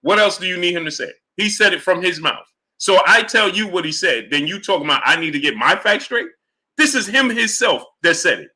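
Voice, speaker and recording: A man hosting a live sports stream fires exasperated rhetorical questions at viewers and repeats his point, then drops to a low mutter to greet people in chat. His voice is high and very bright, expressive, and fairly quick.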